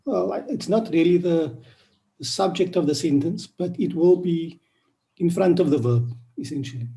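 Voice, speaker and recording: A man's voice: a little high, moderate pace, vocal fry, mellow. A man, a student, asking his teacher a question politely and hesitantly, restarting his phrases.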